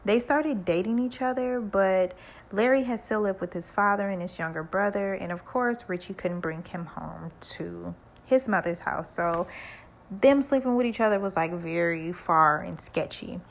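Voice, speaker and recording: A woman's voice: medium pitch, normal speed, vocal fry. A woman casually retelling a book in slangy, conversational language. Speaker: book summary narrator.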